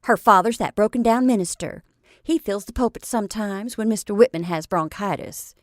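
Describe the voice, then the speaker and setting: A woman reading aloud voices a sharp, suspicious and scornful woman who speaks peremptorily. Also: mid-range voice, fairly quick, no echo, clean studio sound, close to an everyday voice.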